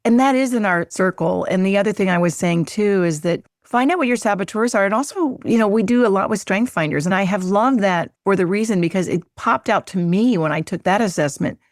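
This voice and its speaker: A woman hosting a podcast in casual conversation, effusive and gushing, quick to laugh. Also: mid-range voice, dry recording, studio quality. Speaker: podcast host.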